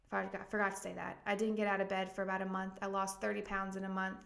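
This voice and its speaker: A woman's voice: medium pitch, monotone, quick pace, vocal fry, fairly bright tone. A woman pastor giving a candid, emotional personal testimony as a podcast guest, earnest and full of ums and likes. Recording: echoey room.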